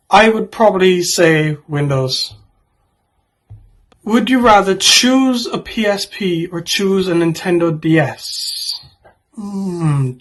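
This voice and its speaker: Husky-voiced young man vlogging casually. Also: high-pitched. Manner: rambling, joking answers with offhand asides. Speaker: YouTuber. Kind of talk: casual vlog answering would-you-rather questions.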